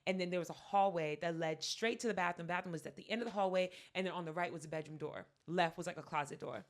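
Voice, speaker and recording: A woman co-hosting a podcast, telling a story in casual chat, acting out quotes loudly and laughing often. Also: on the low side, quick pace. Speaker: podcast co-host.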